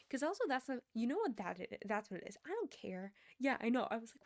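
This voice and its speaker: A woman's voice: fairly high pitch, sing-song, fast talker, hardly any pauses, darkish tone. A young woman streamer chatting casually, rambling with lots of fillers and restarts. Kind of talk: casual chat.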